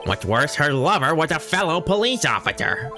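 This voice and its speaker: A man's voice: fairly high pitch, big pitch swings, moderate pace, over music. A man voicing a smug, condescending veteran male prosecutor in a game playthrough.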